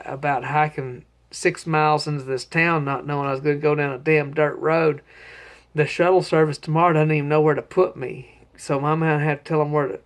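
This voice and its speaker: Male hiker-host, higher-pitched and folksy, rambling salty delivery. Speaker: long-distance hiker, podcast host. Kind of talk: casual spoken trail diary.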